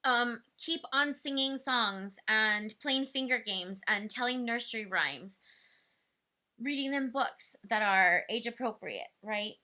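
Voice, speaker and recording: A woman's voice: a little high, takes it slowly, pushed and bright. A young woman casually advising parents on toddler speech, chatty with lots of fillers. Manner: chatty, filler-heavy, acts out playful quotes to children. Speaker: speech development educator. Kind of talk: casual advice talk to parents.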